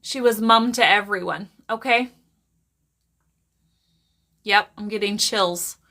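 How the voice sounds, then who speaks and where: A woman psychic medium giving live readings to viewers in a chatty, animated way, often breaking into laughter and quick asides to the chat. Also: mid-range voice.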